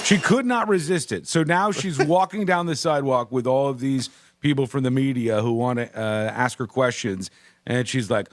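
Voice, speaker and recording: A man's voice: medium pitch, normal speed, noisy background. A man hosting a radio talk show, telling a celebrity story in a mocking, exasperated way and laughing along. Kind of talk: animated radio chat about celebrity news. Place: radio studio.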